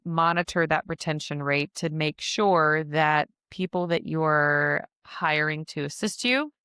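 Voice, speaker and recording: Chatty woman mentor hosting a podcast; low pitch, clear and smooth tone. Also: a bit bright, no echo, studio quality. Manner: chatty, frequent "like" fillers, laughs at herself. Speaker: podcast host and business mentor. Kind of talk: casual instructional podcast.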